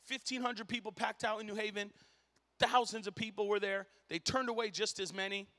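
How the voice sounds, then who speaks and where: High, bright-voiced preacher in a reverberant hall. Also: male voice, fairly even intonation, brisk. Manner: impassioned, storytelling, rising to shouts; casual slang like dude and bro. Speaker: pastor. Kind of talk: sermon. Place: church sanctuary.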